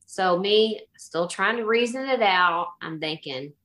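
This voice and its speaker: A middle-aged woman telling a ghost story casually in an animated way, acting out the voices she quotes. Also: medium pitch, measured pace. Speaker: guest telling a haunting story.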